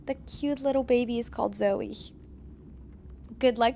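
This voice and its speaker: A woman's voice: on the high side, fairly even intonation, unhurried, vocal fry, mellow, slight background noise. A woman live-streaming from home, chatting casually and answering viewers as she plays. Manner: chatty, reads chat aloud and answers viewers.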